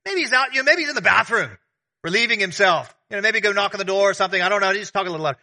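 A man's voice: high-pitched, animated, racing, bright, forceful tone, pitched above the performer's own voice, exaggerated voice. A man voicing a sarcastic male prophet who mocks his rivals in a teasing, exaggerated way. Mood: mocking.

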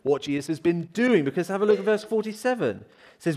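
A man's voice: sits high, expressive, brisk, a little mellow. A man preaching a conversational sermon, asking rhetorical questions and acting out voices.

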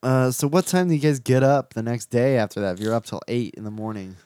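A man's voice: medium pitch, quick pace, warm tone, clean tone, no echo. A man co-hosting a casual podcast, cutting in with dry, joking remarks. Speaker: podcast co-host.

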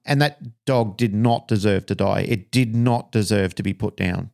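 A man's voice: on the low side, normal speed, vocal fry, a little mellow. A man, a dog trainer co-hosting a podcast, telling a story frankly and emotionally, with some swearing.

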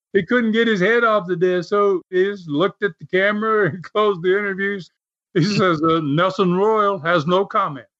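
A man's voice: high-pitched, a bit bright. An older man hosting a podcast, telling stories in a rambling way with many fillers and restarts. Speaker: podcast host and former wrestling promoter. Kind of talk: casual storytelling. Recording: dull lo-fi audio.

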